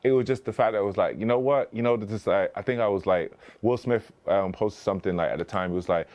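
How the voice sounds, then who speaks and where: A man in his thirties with a very low voice tells stories as a podcast guest. He rambles, restarts often and leans on fillers. He slips into acted-out quotes of what other people said. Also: fast talker, few pauses, darkish tone. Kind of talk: conversational interview storytelling.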